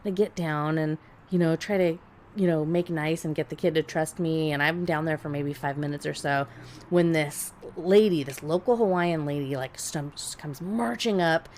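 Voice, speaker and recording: Laughing and animated, a female podcast co-host with a low voice spins a story at an ordinary pace. Her chat is casual, blunt and full of profanity, with a faint background hiss under it.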